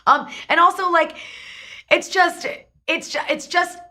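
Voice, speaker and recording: Bright, emphatic woman talk-show host. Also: extremely high pitch, fairly even intonation, measured pace. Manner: emphatic, talks in long run-on stretches. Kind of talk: political commentary.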